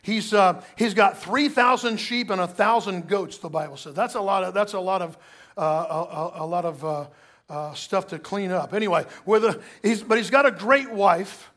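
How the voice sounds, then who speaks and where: High-voiced preaching male pastor. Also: normal speed. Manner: storytelling, lively preaching with asides to the congregation. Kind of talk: sermon.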